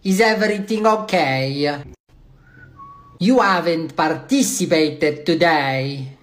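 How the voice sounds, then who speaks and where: A woman's voice: low-pitched, takes it slowly. A woman, playing a teacher character in a comedy sketch with exaggerated, theatrical exclamations. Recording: echoey room.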